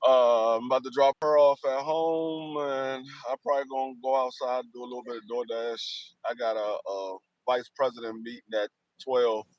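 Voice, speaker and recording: A man co-hosting a podcast in casual morning chat, an animated storyteller who mocks and laughs. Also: mid-range voice, moderate pace, few pauses, no echo, muffled recording. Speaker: podcast co-host.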